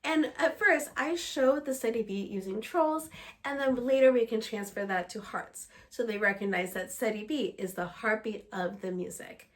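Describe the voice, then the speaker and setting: A woman music teacher walking other teachers through a lesson plan in an explanatory, steady way, slightly under the weather. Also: medium pitch, moderate pace. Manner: explanatory, steady, breaks into short sung examples.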